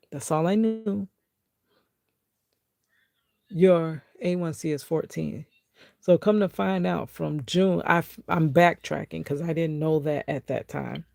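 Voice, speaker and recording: A woman vlogger telling a personal health testimony in an animated way, acting out what people said and talking straight to her viewers. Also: sits low, creaky, no room sound, clean studio sound. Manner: animated, acts out quotes, talks straight to viewers.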